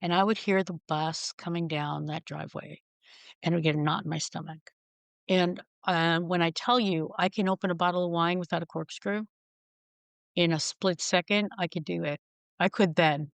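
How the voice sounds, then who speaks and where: A middle-aged woman appears as a podcast guest in a candid storytelling conversation, speaking frankly and wryly while acting out the voices of the people she quotes. Her voice is on the low side and creaky, with fairly even intonation at a moderate pace, in a dry recording.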